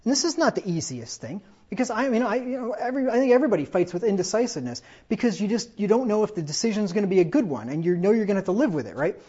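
A man's voice: high voice, sing-song, very fast, few pauses, mellow, breathy edge, muffled recording. A man preaching a sermon in a conversational way, often asking "right?" and acting out the dialogue of stories he tells. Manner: conversational, with tag questions and quoted dialogue.

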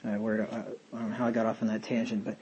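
A man's voice: on the low side, monotone, fast, a little mellow, breathy edge, highs cut off. A man leading a casual Bible study, talking in a rambling, conversational way with many fillers and tangents. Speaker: Bible teacher.

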